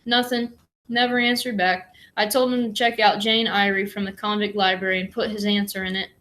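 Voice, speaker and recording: A woman's voice: medium pitch, little pitch movement, normal speed, fairly bright tone, natural voice, low-quality recording. A woman reading as an offhand, knowing teenage girl. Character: bold mischievous teenage girl.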